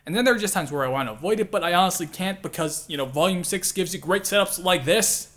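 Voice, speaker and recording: A man's voice: sits high, quick pace, fairly bright tone. A man hosting a casual video commentary, chatty and self-deprecating, with frequent laughs and filler words. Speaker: channel host and voice actor.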